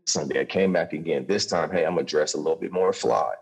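A deep-voiced young man with a husky edge tells his story in a loose, profane rush. He stumbles through quick restarts and keeps the talk raw and candid. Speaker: podcast guest telling his recovery story.

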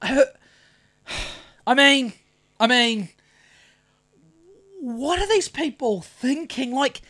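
A man's voice: extremely high pitch, expressive, pushed and bright. A middle-aged man with a New Zealand accent, co-hosting a casual podcast chat, rambling and restarting his sentences often. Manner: rambling, halting, many restarts. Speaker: podcast co-host.

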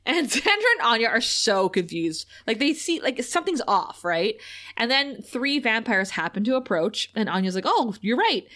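A young woman chats through a TV episode with a co-host, laughing often. Her voice rises and falls a lot, and it jumps up high whenever she quotes a character. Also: lively intonation, moderate pace, sharp tone. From China. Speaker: podcast co-host. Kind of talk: casual chat recapping a TV episode.

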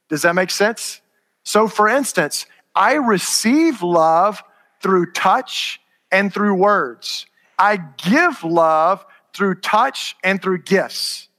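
A middle-aged man with a high, bright voice gives a chatty conference talk to parents, often asking if it makes sense. His voice rings out with a long reverb in a large hall. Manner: conversational, asks the audience if it makes sense. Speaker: conference speaker.

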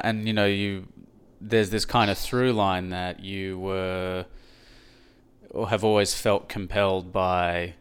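A man's voice: deep voice, clean tone. A man interviewing a guest, asking long, hesitant questions full of fillers. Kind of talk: casual interview conversation.

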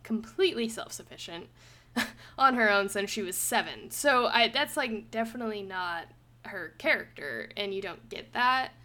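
A young woman hosting a casual book review podcast, animated and quick to laugh, with lots of "like" fillers. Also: mid-range voice. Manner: animated, laughs often, says "like" a lot. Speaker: podcast host.

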